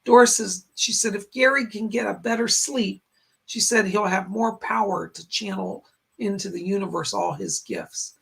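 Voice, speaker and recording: A man hosting a psychic live stream in a raspy, strained voice, relaying spirit messages in short, halting phrases. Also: high voice, expressive, fairly bright tone. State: strained, hoarse voice. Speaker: psychic medium host. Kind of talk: live-stream chat and readings. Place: home in a rural area.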